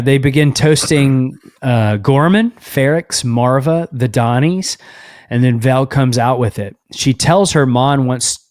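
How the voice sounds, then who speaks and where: A man co-hosting a podcast walks through the plot at a steady, casual clip, with plenty of fillers along the way. His voice sits at an ordinary middle pitch. The recording is close and completely dry. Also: dry recording. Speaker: podcast co-host. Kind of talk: casual recap chat.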